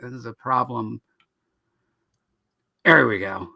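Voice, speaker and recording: A man's voice: medium pitch, takes it slowly, creaky, sharp tone, no room sound. A man hosting a live online talk show about comics, joking and teasing himself and his co-host. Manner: jokey, self-deprecating, upbeat.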